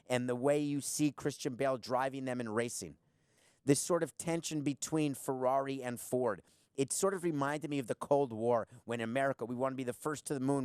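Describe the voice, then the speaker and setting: A man hosting his own podcast, talking alone in a blunt, sarcastic way and piling up rhetorical questions. His voice sits at an ordinary middle pitch. The sound is dry and close, with no room around it. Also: dry recording. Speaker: podcast host. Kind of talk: opinionated solo commentary.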